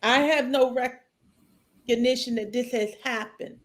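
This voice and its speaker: A middle-aged woman speaks slowly and haltingly, her voice choked up as she shares her grief. Her voice sits a little high, and she leaves long pauses between phrases. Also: steady tone. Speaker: podcast co-host. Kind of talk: emotional personal testimony.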